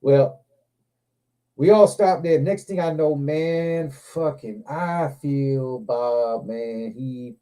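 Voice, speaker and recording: Male host, casual livestream chat: very dark, mellow tone, profane, animated storyteller who acts out his own quotes. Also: mid-range voice, takes it slowly, clean tone. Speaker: show host. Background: other men on a livestream hangout.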